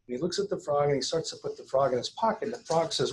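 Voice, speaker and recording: A man's voice: on the high side, very fast, few pauses, slight background noise, rough recording. A man speaking to a conference audience, coaching agents in a conversational way with anecdotes and frequent restarts. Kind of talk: live seminar talk with anecdotes. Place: conference room before an audience.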